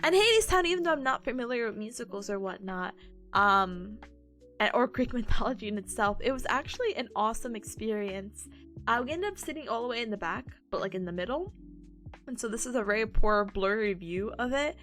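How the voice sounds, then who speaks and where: A giggly woman streamer with a high, bright voice that leaps around as she tells a story. She chats casually, bubbly and quick to laugh, her voice a little worn from long talking, with faint music playing behind her. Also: lively intonation. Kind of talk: casual chat.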